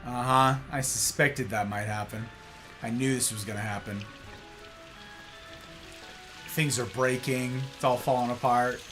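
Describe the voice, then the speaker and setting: A man's voice: mid-range voice, fairly even intonation, normal speed, over music. A man casually commentating a video game live, playful and chatty, greeting his viewers. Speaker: game streamer.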